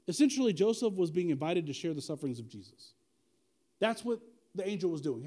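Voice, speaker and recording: A male pastor preaching a sermon in an animated, conversational way, using slang and asking the congregation direct questions. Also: high voice, fairly quick.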